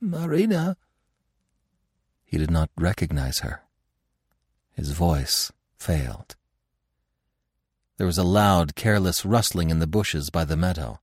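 A man narrating a classic novel in an expressive, dramatic storytelling manner. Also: rumbling low, a little slow, long pauses, no echo, studio quality.

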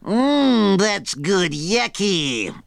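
An actor playing a gruff, pushy middle-aged bartender in a cartoon, brash and grumbling, with a gravelly voice. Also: male voice, high-pitched, big pitch swings, drawn-out words, noisy background, exaggerated voice.

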